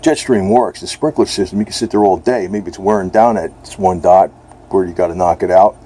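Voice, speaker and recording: A man's voice: low-pitched, fairly quick, dark tone, breathy edge. A man talking casually and bluntly in a rambling home video, now and then speaking to his cat. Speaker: vlogger.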